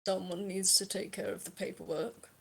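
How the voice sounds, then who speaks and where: A woman playing a calm, evasive male character who speaks in a measured, formal way. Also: mid-range voice, creaky, breathy edge, rough recording.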